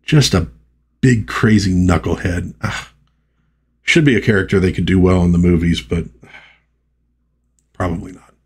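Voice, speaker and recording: A man's voice: sits low, steady tone, normal speed, long pauses, darkish tone, husky. A man casually reviewing an old comic book and reading its panels aloud, chatty and full of asides and fillers.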